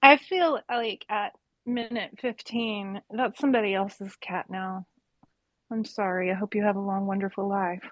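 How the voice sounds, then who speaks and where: A woman joining a casual talk, speaking softly and quietly. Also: medium pitch, steady tone, unhurried, dry recording. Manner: soft-spoken, quiet. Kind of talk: casual chat.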